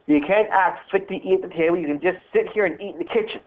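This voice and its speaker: Stern older housekeeper scolding a child, read by a man, slightly high, thin lo-fi audio. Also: fast talker, close to an everyday voice. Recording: tinny phone-like sound.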